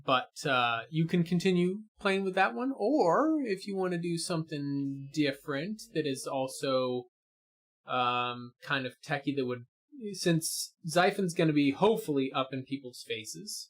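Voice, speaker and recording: A man's voice: on the high side, lively intonation, a little slow. A man co-hosting a gaming stream in casual chat, explaining character builds with many fillers and restarts.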